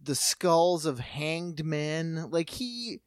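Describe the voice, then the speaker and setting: Sardonic male podcast co-host, slightly higher voice. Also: expressive, extremely slow, clean tone, no room sound, studio quality. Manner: sardonic quips, laughs at his own jokes. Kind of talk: casual comedic banter.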